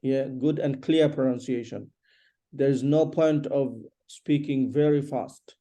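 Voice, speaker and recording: A man teaching an English lesson one on one, patiently repeating questions and explaining slowly. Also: mid-range voice, steady tone, dark tone.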